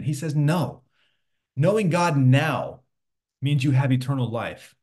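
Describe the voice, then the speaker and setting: A man's voice: on the high side, very animated, takes it slowly, darkish tone. A man preaching a casual sermon, reading scripture aloud and checking in with listeners. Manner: conversational preaching, quotes scripture, frequent "right?". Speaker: pastor. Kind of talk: sermon to an online audience.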